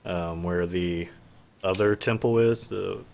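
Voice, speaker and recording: A man's voice: low-pitched, fairly even intonation, takes it slowly, creaky, a little mellow. A man narrating a tabletop game as game master, in a casual manner with filler words. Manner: casual, stops to fix his screen while talking.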